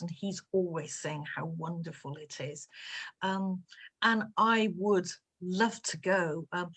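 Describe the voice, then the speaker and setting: A woman's voice: fairly low pitch, fairly bright tone, breathy edge. A woman from England, an author chatting casually about her life and work, telling playful stories with plenty of fillers. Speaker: author answering reader questions. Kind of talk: casual chat.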